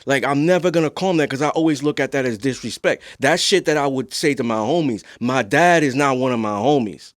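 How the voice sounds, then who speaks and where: A young adult man hosting a casual podcast talk. His voice sits at a middling pitch, soft-spoken and calm, and it lifts into animated emphasis when he presses a point. The recording is dry and close. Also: brisk, few pauses, dry recording. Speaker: podcast host.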